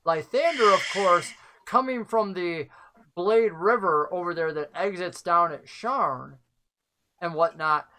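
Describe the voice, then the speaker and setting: A game master with a medium-pitched voice narrates a tabletop game slowly and in a relaxed way, using frequent filler words.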